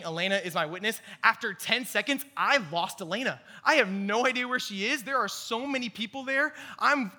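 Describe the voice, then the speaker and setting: A young man with a high, very bright voice preaches to a youth group. He tells his story with animated, self-mocking energy and returns to his teaching points. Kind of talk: youth sermon with personal story.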